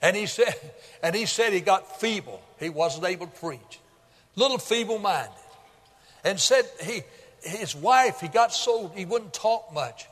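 High-voiced preacher, echoing sanctuary. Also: male voice, expressive, unhurried. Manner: folksy storytelling, builds to shouting at high points. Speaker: pastor. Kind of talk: sermon. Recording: long hall reverb.

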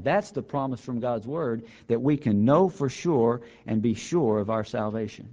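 A man delivers a Bible lesson in an earnest sermon style, pressing his main points by repeating them. He slows down when he quotes scripture. His voice sits in a middle pitch, and the recording sounds a little dull and lo-fi. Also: mellow. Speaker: Bible teacher.

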